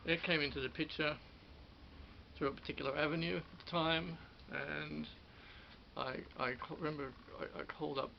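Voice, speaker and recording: A middle-aged Australian man, once a radio studio producer, reminisces about his radio days in a strongly gravelly, slightly high, steady voice. He rambles and halts, restarting sentences, repeating words, and chuckling. The recording is dull and lo-fi, with a faint hiss beneath it.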